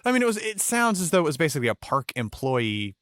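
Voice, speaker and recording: A man's voice: on the high side, very animated, fast, fairly bright tone, dry recording, clean studio sound. A man hosting a podcast, chatting casually and reading scripted history passages with some hesitation. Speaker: podcast host.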